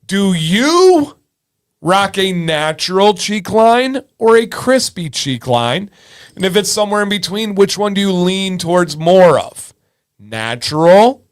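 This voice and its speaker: Guy in his 30s hosting a stream, talks real slow, smooth clear voice, goofs around and sings bits. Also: high-pitched. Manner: jokey, sings snatches of songs, chats with viewers. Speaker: livestream host. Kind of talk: casual livestream chat.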